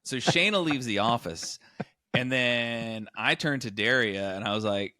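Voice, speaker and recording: Brief: male podcast host, animated storyteller, bright tone, dry close sound. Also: medium pitch, unhurried, no echo. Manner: animated storyteller, acts out quotes. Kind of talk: casual chat, storytelling.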